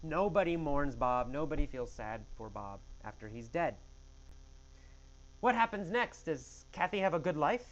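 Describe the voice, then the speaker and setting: Male English teacher, slow, exaggerated Q&A storytelling, muffled lo-fi audio. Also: fairly high pitch, very animated. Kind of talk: question-and-answer story lesson.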